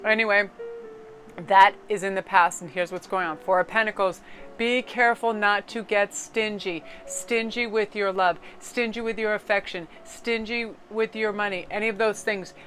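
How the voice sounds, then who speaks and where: A woman's voice: mid-range voice, steady tone, normal speed, fairly bright tone, soft background music, rough recording. A middle-aged woman from Connecticut giving a casual, chatty tarot card reading. She swears casually and slips into joke accents now and then. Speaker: tarot reader.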